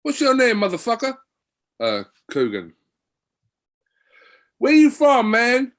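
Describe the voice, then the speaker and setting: Brash tough-guy boxer, high and aggressive. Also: measured pace. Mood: menacing. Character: brash tough-talking male boxer, menacing.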